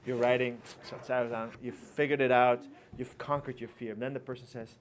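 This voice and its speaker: A man lecturing a class in a loose, conversational way, walking through a story and slipping into the voices of a worried doctor and a complaining patient. His pitch sits in an ordinary middle range, with a faint hiss of noise underneath. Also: level tone, brisk, hardly any pauses. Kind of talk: teaching lecture with anecdotes.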